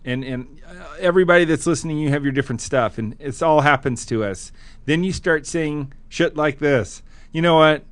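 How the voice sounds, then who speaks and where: A man hosting a podcast interview, animated, with frequent restarts, reading text aloud playfully. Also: on the high side, normal speed. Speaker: podcast host. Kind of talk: casual interview.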